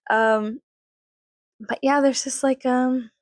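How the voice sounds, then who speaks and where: A young woman from Texas, with a mild Texas accent, rambles through a casual vlog monologue. She swears freely and breaks into other people's voices with sudden pitch jumps. Her voice has a gravelly fry, and the recording is dry and close. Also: normal speed, no echo. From Texas, USA. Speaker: vlogger.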